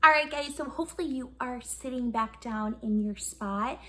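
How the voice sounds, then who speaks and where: A woman's voice: fairly high pitch, moderate pace, a bit bright. Upbeat young woman teaching kids music. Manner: upbeat, encouraging, asks kids questions. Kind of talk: online kids' music lesson.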